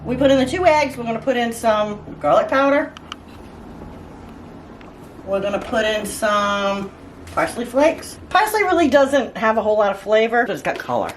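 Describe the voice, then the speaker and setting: A woman's voice: on the high side, sing-song, moderate pace, a little hiss or hum. A woman hosting a home cooking demonstration, chatting in a casual, joking way as she cooks. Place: home kitchen. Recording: echoey kitchen, mic at a distance, cooking clatter.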